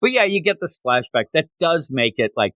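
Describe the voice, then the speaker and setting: A man's voice: on the high side, dry recording. Guy co-hosting a manga review show, voice jumping all over, dry recording. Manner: animated, retells scenes with quick asides and laughs. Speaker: podcast co-host reviewing manga. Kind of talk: casual chat.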